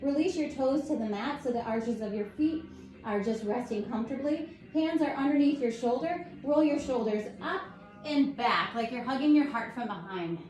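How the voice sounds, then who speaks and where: Calm, encouraging woman leading yoga. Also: sits high, moderate pace. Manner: calm, encouraging, gently instructive. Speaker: yoga instructor. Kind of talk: guided yoga class. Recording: echoey room with faint music.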